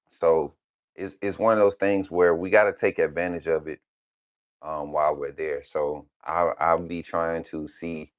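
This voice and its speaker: A man's voice: deep voice, no echo, studio quality. A young man hosting a live college football stream, talking loosely with many fillers and restarts. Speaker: host of a college football channel. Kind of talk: casual live-stream talk.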